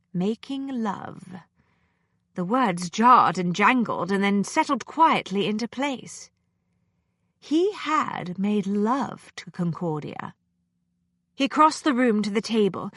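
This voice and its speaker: Woman audiobook narrator, expressive storyteller, animated pitch, dry studio sound. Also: dry recording. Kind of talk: scripted narration.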